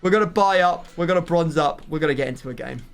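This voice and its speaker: A man's voice: fairly high pitch, quick pace, creaky, clean tone. A man hosting a gaming channel, chatting casually through a football video game and swearing at it.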